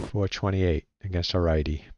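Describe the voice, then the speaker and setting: A low-pitched man plays a solo tabletop baseball game, reading dice rolls and calling plays in a relaxed, halting play-by-play while muttering to himself as he looks things up. The recording is very noisy with the highs cut off.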